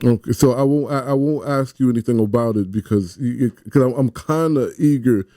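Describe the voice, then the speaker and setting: Man with a dark, dry studio voice. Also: medium pitch, brisk, dry recording. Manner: eager, stammers and laughs easily. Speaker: radio host. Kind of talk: radio interview conversation.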